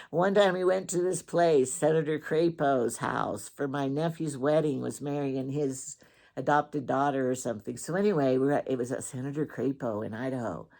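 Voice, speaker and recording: A woman from Wyoming with a gravelly, darkish bass voice hosts her own casual morning show. In a chatty, teasing storytelling monologue, she rambles on about her husband.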